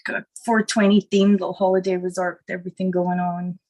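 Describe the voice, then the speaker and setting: A woman from Scotland with a Scottish accent that has gone partly American, chatting as a guest in a rambling, relaxed way full of fillers, stoned. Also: lowish voice, fast talker. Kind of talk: casual stoner chat.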